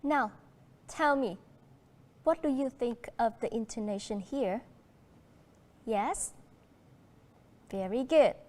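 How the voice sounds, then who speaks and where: A woman with a Vietnamese accent leads a primary school English class at a slow, deliberate pace. Her voice sits a little high, and her delivery is encouraging. She explains each step carefully for young learners. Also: lively intonation, a little mellow.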